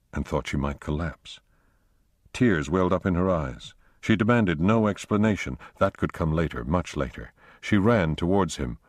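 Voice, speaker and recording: Deep-voiced man reading a thriller. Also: darkish tone, dry recording, studio quality. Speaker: audiobook narrator. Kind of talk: scripted narration.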